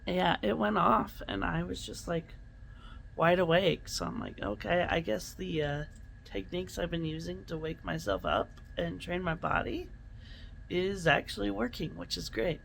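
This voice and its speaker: Lady vlogging her day, super chatty with lots of "like"s, voice on the low side. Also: expressive, moderate pace, gravelly, slight background noise. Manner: chatty, rambling, many fillers. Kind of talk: casual daily vlog chat.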